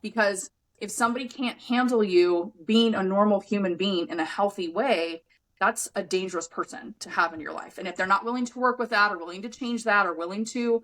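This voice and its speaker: A woman's voice: medium pitch, poor audio. A woman hosting a podcast, speaking casually and frankly, swearing freely and with emphasis as she coaches her guest on anger. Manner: acts out other people's lines in lively voices. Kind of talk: casual conversational podcast talk.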